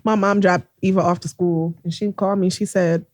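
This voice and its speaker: A woman's voice: lowish voice, flat delivery, brisk, a little mellow. A woman in her thirties co-hosting a podcast, telling personal stories in an open, emotional way and laughing easily. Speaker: podcast co-host. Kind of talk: casual chat.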